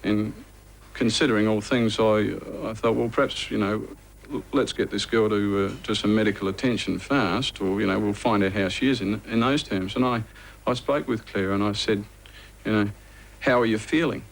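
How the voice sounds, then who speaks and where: A man's voice: lowish voice, steady tone, normal speed, creaky, slight background noise, rough recording. A man in a documentary interview, speaking in a hesitant, reflective way with frequent restarts. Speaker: interviewee recalling helping a victim.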